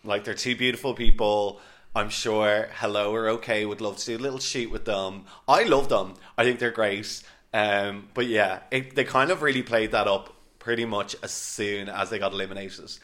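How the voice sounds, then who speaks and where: A man's voice: lowish voice, fairly even intonation, normal speed, a bit bright. A man co-hosting a podcast in casual chat, swearing freely and filling his talk with "like". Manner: chatty, swears freely, many "like" fillers. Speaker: podcast host.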